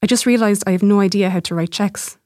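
A woman voicing a blunt, gently mocking young woman in a short story. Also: medium pitch, fast talker, no room sound, clean studio sound, natural voice. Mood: wry.

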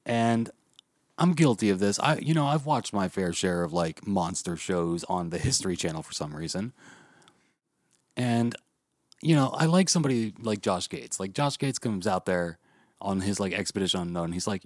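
A man casually reviewing a movie with friends on a podcast, animated and full of profanity. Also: on the low side, normal speed, no echo, clean studio sound. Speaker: podcast host.

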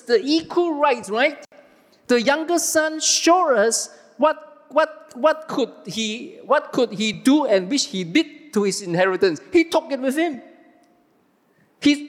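A man's voice: very high voice, a little slow, long reverb tail. A man preaching a sermon, firing questions at the congregation and answering them himself. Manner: animated, asks the audience questions and answers them.

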